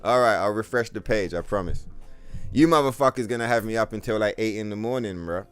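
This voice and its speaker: A man streaming a video game, chatting casually with his viewers in a profane, animated rant. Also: fairly low pitch, fairly quick, clear, resonant tone, faint music behind. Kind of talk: casual live-stream chat.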